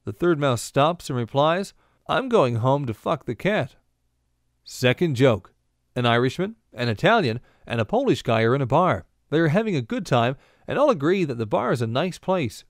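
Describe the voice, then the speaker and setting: A man reading scripted bartending instruction and bar jokes in a deadpan, joke-telling manner. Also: medium pitch, moderate pace, no echo, clean studio sound.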